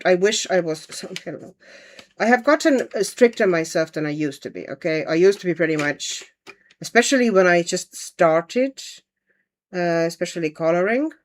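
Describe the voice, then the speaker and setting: A woman hosting a casual livestream, chatting and thinking aloud as she paints and answers viewer comments. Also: on the low side. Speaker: livestream host.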